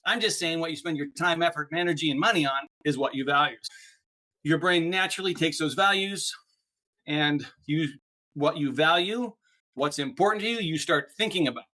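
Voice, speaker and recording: A man, a guest on an interview podcast, explaining ideas in an animated, chatty way and often checking in with "right?". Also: a little high, brisk. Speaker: podcast guest, speaker on neuroplasticity. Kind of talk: casual interview chat.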